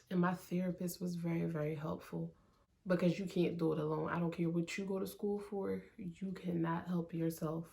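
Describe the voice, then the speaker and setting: Young woman, candid conversational vlogger, flat low delivery, raspy fry. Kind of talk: candid personal vlog talk. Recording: faint music underneath.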